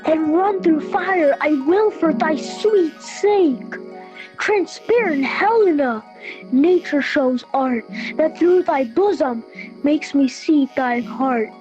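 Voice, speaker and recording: Ardent young lover voiced by a teen girl; high, slow, mellow delivery, muffled home recording. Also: soft background music. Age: teens. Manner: earnest measured verse reading. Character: young lovesick nobleman, ardent and wordy. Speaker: student actor. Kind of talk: school audio play of verse drama.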